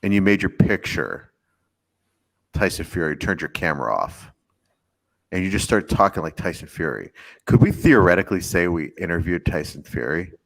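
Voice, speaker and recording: A man's voice: sits low, very animated, moderate pace, vocal fry. A man co-hosting a sports podcast, playfully throwing out joking questions. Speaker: podcast co-host. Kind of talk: casual sports chat.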